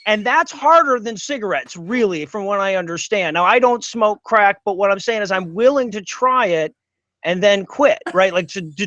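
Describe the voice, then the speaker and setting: A man as a podcast guest, joking deadpan through comedic chat. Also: high-pitched, highs cut off, a little hiss or hum.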